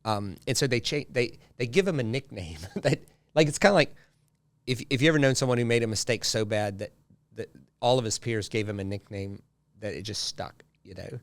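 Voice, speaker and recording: A man guesting on a podcast, speaking in a middle-range voice as he tells a story in an animated way. He repeats phrases for effect and keeps coming back to his points. The sound is dry and close, with no room around it. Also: medium pitch, brisk, no echo. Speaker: guest pastor. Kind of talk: casual podcast conversation.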